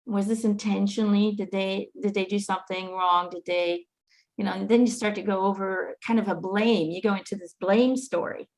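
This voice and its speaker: A woman's voice: medium pitch, fairly even intonation, normal speed, a little mellow. A middle-aged woman hosting a casual, heartfelt chat, telling her story in an earnest, reflective way. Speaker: host.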